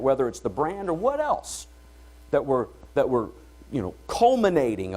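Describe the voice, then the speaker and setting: A middle-aged entrepreneur hosting an event gives the opening talk to an audience in a conference hall, with freely rising and falling pitch. He's energetic and conversational, regularly checking in by asking the room "all right?"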